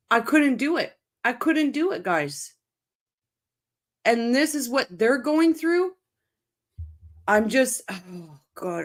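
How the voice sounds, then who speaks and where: Angry woman ranting slowly on a livestream. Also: mid-range voice. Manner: heated, swearing, speaks in short repeated bursts. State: angry and upset. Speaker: channel host reacting to a court case. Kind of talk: livestream commentary, reading chat.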